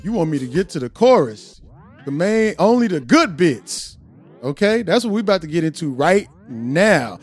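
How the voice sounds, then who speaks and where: Hyped-up man hosting a podcast, high voice. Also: moderate pace, slightly rough, soft background music. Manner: hyped and playful, keeps telling himself to calm down; slurs and stumbles on names. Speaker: podcast host. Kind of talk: excitable casual podcast interview.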